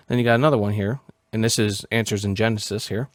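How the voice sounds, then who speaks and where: A man hosts a casual podcast and rants with heat and plenty of swearing. His voice sits at a middle pitch. The sound is dry, with no room around it. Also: fast talker, dry recording. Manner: profane, heated, animated ranting. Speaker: podcast host. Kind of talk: casual ranting commentary.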